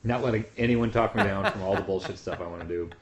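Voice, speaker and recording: A man's voice: low-pitched, quick pace, slight background noise. A man giving casual livestream commentary, brash, profane and mocking. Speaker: streamer who built the level.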